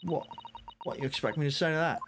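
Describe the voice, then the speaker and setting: A man's voice: on the high side, quick pace, fairly bright tone, slight background noise, voice pushed up. A man voicing a prickly, defiant young woman thief who talks in a sulky, sarcastic way. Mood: baffled.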